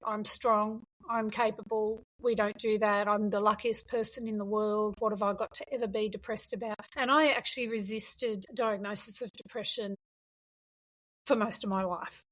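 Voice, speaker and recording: A middle-aged woman, interviewed as a guest, recounts her story with frank emphasis in a conversational setting. She has a mid-range voice with a steady tone and moderate pace, captured in rough audio.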